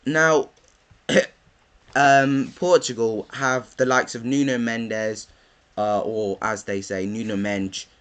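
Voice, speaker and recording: Brief: young man, unhurried rambling vlog chat, mid pitch, lots of filler. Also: clean tone. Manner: rambling, thinks aloud with many ums, bursts into excited chanting. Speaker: football vlogger. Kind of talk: casual predictions talk.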